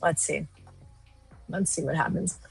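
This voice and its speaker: A woman in her thirties co-hosting a live trading stream, chatting casually and telling a lively story with animated quoted voices. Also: low-pitched, measured pace, creaky, slightly rough, faint music behind. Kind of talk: casual chat.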